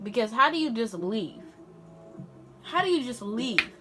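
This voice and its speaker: Bright, slangy teen girl telling a story. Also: fairly high pitch, animated, moderate pace, soft background music. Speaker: vlogger. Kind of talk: storytime vlog.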